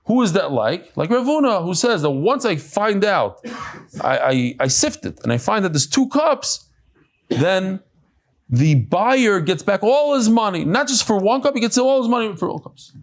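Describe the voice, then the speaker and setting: Casting: man giving a Talmud lecture, lively rising-and-falling voice, somewhat high, chatty. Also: moderate pace. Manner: animated, chatty explanations with asides. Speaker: Talmud teacher. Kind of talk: daf yomi lecture to a live class. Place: study hall with a live audience.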